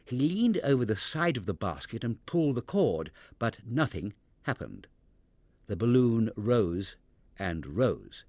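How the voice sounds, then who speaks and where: A man reading a children's storybook aloud in an expressive, animated manner into a close mic. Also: lowish voice, a little slow, no echo.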